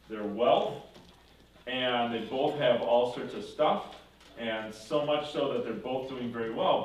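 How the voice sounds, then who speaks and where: A man teaching a confirmation class, retelling a story in a lively way, acting out the characters and correcting himself as he goes. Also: mid-range voice. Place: church classroom. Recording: echoey room from far off with faint noise.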